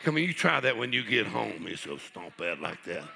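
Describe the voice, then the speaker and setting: A middle-aged man pastor preaching a sermon, telling folksy stories and building up to shouted preaching. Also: on the low side, big pitch swings, a little fast, vocal fry.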